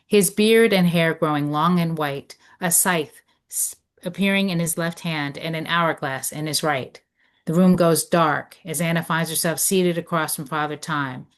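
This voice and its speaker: A woman reads stage directions aloud in a low voice. Her delivery is measured and descriptive, setting each scene plainly. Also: steady tone. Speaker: narrator reading stage directions. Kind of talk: script read of stage directions.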